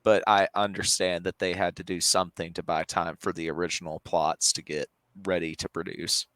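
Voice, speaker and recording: A man's voice: low voice, little pitch movement, moderate pace, a bit bright, dry recording. A man co-hosting a casual podcast, speaking bluntly in short remarks. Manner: blunt, brief interjections. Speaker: podcast co-host. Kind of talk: casual chat.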